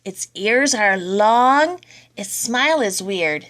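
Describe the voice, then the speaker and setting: A woman reading children's poems aloud, in a lively and expressive read-aloud manner. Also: mid-range voice, slow. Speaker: reader.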